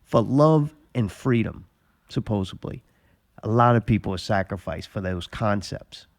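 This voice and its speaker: A man's voice: on the low side, lively intonation, a little slow, no room sound. A man hosting a casual talk show, telling a rambling story and swearing freely. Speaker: podcast host. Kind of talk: casual profane chat.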